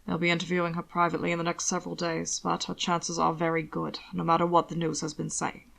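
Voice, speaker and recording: A woman doing a low, hushed aristocratic lord. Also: monotone, quick pace, creaky. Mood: hushed, measured. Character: lordly older male aristocrat, suave and soft-spoken.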